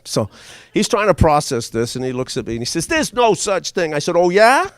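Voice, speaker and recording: Animated man telling a story. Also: a little high, fairly quick, clear, resonant tone, dry recording. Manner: animated, chuckles through his own story. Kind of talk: live comic storytelling.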